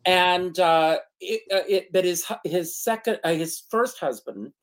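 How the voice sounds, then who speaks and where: A talk show co-host tells a personal story in casual chat, with dramatic flair and laughter even through the sad parts. His voice sits high and moves a little slowly.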